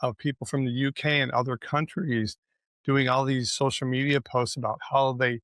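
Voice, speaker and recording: A man's voice: medium pitch, flat delivery, moderate pace, a bit bright, no echo. A man co-hosting a podcast in casual conversation, chatty and often ending with "right?". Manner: conversational, frequent "right?" tags. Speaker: podcast co-host.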